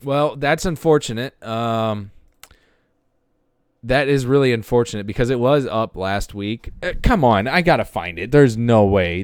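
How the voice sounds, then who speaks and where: A man's voice: mid-range voice, animated, a little slow, clear, resonant tone, no room sound, studio quality. A man hosting a podcast, talking casually and rambling with lots of fillers and restarts while browsing videos. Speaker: podcast host.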